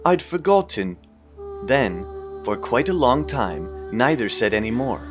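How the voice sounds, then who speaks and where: A man narrating a storybook audiobook in a calm, measured way. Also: medium pitch, music in the background. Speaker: audiobook reader.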